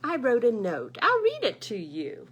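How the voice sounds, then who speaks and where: A woman voicing an eager, chatty male goose in a picture-book read-aloud, with a loud questioning lilt. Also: fairly high pitch, wildly swooping pitch, a little slow, slightly rough, full character voice.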